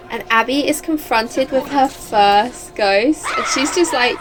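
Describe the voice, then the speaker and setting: Excitable woman playing a game. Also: on the high side, takes it slowly, hardly any pauses, over music. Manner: chatty, excitable, many "like" fillers and gasps. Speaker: gaming channel host. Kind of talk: casual let's play commentary.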